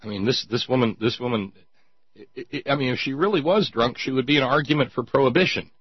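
A man's voice: medium pitch, fast, breathy edge, dry recording. A man hosting a talk show, mocking his topics in casual sardonic commentary and reading listener notes aloud. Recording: dull lo-fi sound.

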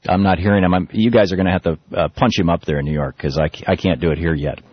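A man's voice: low voice, fast, husky, no room sound. A man hosting a political talk radio show, speaking loosely with frequent restarts and fillers. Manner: loose, animated delivery with many restarts and fillers. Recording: muffled lo-fi radio broadcast.

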